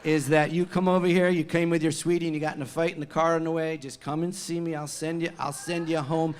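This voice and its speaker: A man's voice: fairly high pitch, level tone, quick pace, clean tone. A man who is a folk singer-songwriter, chatting on stage between songs at a live venue and telling a story with self-deprecating humor. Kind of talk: live concert stage banter. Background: acoustic guitar.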